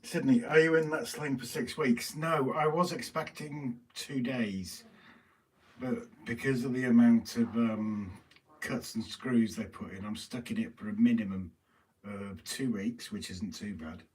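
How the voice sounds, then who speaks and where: A man's voice: medium pitch, steady tone, a little slow, a little mellow. Teasing British man, off-mic. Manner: teasing, banter-heavy. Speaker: livestream co-host. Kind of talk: casual live-stream chat reading comments. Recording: voice from a distance, faint noise.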